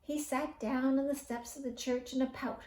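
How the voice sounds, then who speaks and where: A woman reading a children's bedtime story aloud in an expressive storyteller's manner. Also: sits high, distant mic. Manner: slow, expressive read-aloud. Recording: roomy echo.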